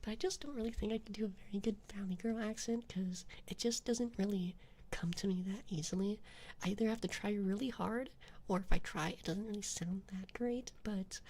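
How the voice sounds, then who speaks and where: A young man chatting on an ASMR livestream as a VTuber, switching between whispers and soft talk, giggling often and swearing casually. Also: high voice, gravelly, slight background noise. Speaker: VTuber streamer.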